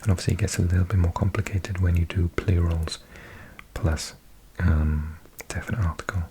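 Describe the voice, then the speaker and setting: A man's voice: low voice, level tone, normal speed, dark tone, a little hiss or hum. A man hosting his channel in a whispered ASMR style, musing to himself and repeating practice words aloud. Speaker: channel host.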